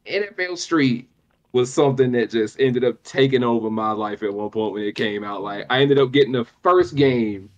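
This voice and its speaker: A young man co-hosting a casual gaming podcast, talking in an animated, slangy, nostalgic way. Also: medium pitch, normal speed, muffled recording. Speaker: podcast co-host.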